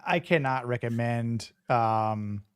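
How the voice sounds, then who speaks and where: In clean studio sound with no room noise, a man speaks slowly in a clear, medium-pitched voice. He's a podcast co-host in casual chat, rambling with lots of fillers and restarts.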